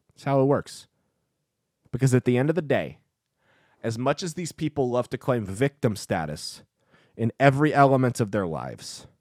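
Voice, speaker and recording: A brash man holds forth in an emphatic podcast monologue, laced with crude jokes. His voice sits at a middling pitch and is recorded very dry in a studio, with no room sound. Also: darkish tone, no room sound. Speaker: podcast host and comedian.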